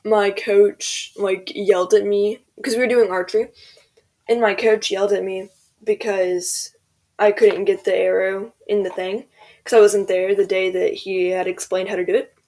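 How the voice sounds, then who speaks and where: This teen girl speaks at a medium pitch with a level tone, a moderate pace and a slightly mellow quality. Over gameplay, the gaming video creator rambles through a storytime packed with "like" and "um," voicing the people she quotes.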